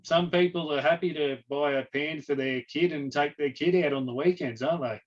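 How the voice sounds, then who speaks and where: A young Australian man, talking casually and chuckling often. His voice sits a little high, and the stream audio is dull and lo-fi. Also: a little fast. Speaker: guest. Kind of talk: casual chat on a livestream.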